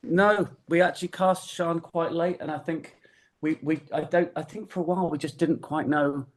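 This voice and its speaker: A man's voice: fairly high pitch, steady tone, normal speed. A man talking as a guest on a podcast over a video call, telling anecdotes and laughing easily. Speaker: guest filmmaker and actor. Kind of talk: casual interview chat.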